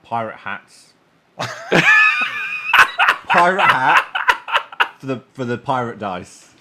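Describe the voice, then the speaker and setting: A man co-hosting a casual live-stream chat, blurting joking ideas and laughing loudly at them. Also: medium pitch, lively intonation, takes it slowly, very noisy. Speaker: podcast co-host.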